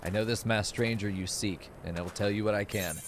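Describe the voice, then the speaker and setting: A man reading aloud the lines of a stern old male tribal elder from a game, in a low, even voice. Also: a little fast, a little hiss or hum, close to an everyday voice.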